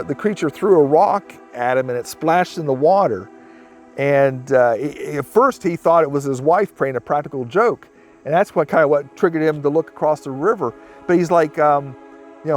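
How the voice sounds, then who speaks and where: A man's voice: fairly high pitch, animated, moderate pace, soft background music. A man in an interview rambling through a retold story and slipping into quoted speech. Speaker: interviewee recounting a sighting.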